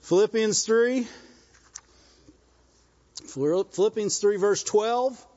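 High-voiced rural Southern preacher. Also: male voice, takes it slowly, a little mellow. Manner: exhorting, repetitive, asks the congregation "Amen?". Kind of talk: sermon. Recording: dull lo-fi recording.

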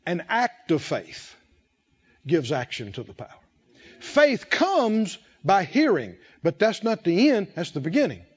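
High lively preacher guy, swoops up and down, dull lo-fi recording. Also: breathy edge. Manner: call-and-response preaching, rising and falling emphasis, drawn-out phrases. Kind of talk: sermon.

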